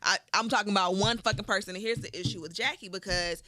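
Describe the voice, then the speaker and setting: A woman co-hosting a podcast in casual chat, animated and impassioned. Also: mid-range voice. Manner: fast, animated, impassioned storytelling. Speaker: podcast co-host.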